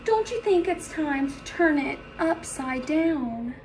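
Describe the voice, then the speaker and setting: A woman's voice: sits high, lively intonation, slow, a little hiss or hum. A woman voicing a friendly, grinning female clam in a storybook read-aloud. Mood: coaxing. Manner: gently coaxing.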